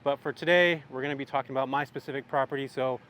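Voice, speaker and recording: This is a young man from California in a casual vlog, speaking to camera at an everyday middle pitch. He is upbeat and chatty, with a relaxed, conversational delivery. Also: fast talker, slight background noise. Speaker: real estate vlogger.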